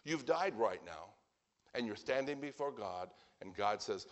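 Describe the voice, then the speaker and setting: A man preaching a sermon, emphatic and animated, acting out the people he quotes. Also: on the low side, normal speed. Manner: emphatic, acts out quoted speakers with a lively voice.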